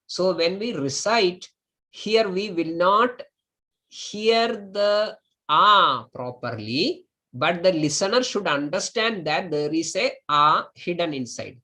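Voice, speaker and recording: Slow, bright-voiced male teacher. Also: a little high, expressive. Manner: patient, repeats each word slowly for learners. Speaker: Sanskrit and Ayurveda teacher. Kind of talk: slow step-by-step lesson.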